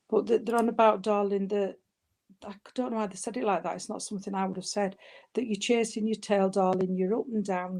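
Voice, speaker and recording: This woman, a spiritualist medium with a mid-range voice, offers a spirit reading during a service. Soothing and gentle, she addresses the listener as darling and sweetheart, yet her speech is hesitant and full of restarts.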